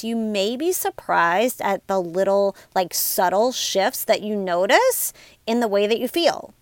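A woman's voice: mid-range voice, no room sound. A woman in her forties hosting a motivational podcast, talking in an upbeat, chatty way and often calling her listeners "you guys". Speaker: podcast host and life coach. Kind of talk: casual motivational podcast talk.

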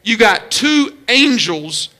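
Bright, high-pitched preaching man. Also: big pitch swings. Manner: emphatic preaching with numbered points and drawn-out stresses. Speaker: pastor. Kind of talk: sermon.

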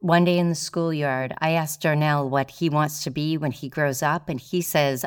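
A woman performing a first-person true story, speaking in a measured, deliberate way with weighty pauses. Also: sits low, fairly even intonation, smooth. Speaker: solo performer telling her own story.

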